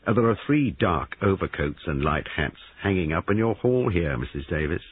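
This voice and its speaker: A persistent, formal police sergeant, as a man reads him in an audiobook, with a low, husky voice that rises and falls with lively emphasis. The sound is dry and thin, like a tinny band-limited recording. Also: normal speed, no room sound. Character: brisk police sergeant investigating a murder.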